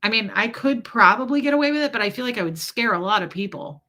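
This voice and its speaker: A woman chatting on a live stream in a slightly high, very bright voice. She tells stories with animated energy, reads out viewer comments and swears casually. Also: quick pace.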